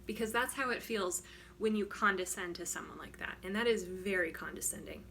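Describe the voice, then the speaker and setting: A woman's voice: mid-range voice, a little fast, fairly bright tone, a little hiss or hum. A woman wellness coach talking casually and frankly to the camera, emphatic and often checking in with "right?". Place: home studio.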